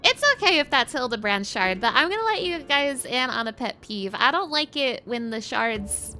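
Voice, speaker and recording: A woman's voice: high voice, animated, normal speed, sharp tone, faint music behind. A woman streaming a game, chatting casually with her viewers and laughing often. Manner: giggly, chatty, talks to chat. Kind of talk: casual game livestream chat.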